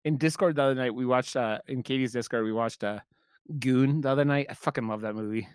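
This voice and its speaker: A man's voice: medium pitch, fast, clean tone. A man hosting a podcast in casual chat, loose and profane in his banter. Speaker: podcast host.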